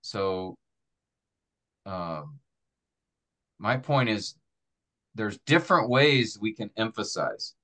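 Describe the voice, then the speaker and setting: A man's voice: lowish voice, very animated, takes it slowly, long pauses, fairly bright tone. A middle-aged man teaching a class on preaching, talking in a thoughtful, conversational way. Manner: thoughtful, conversational, demonstrates delivery with acted examples. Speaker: preaching instructor.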